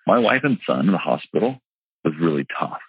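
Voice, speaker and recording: A man's voice: low voice, very animated, fairly quick, slightly rough, no echo, highs cut off. A man telling his personal story in an interview in an earnest, emphatic way, restarting often as he goes. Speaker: real estate investor and seminar teacher.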